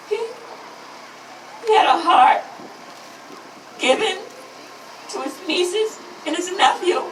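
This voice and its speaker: A high-pitched woman in her fifties speaks out at an outdoor rally, emphatic and driven, returning again and again to her slogans. She is heard from a distance through an echoey sound, with traffic audible behind her. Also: lively intonation, slow, long pauses. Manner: emphatic, repeats slogans, voice rising to shouts. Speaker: grieving mother speaking at a rally. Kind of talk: impassioned public speech.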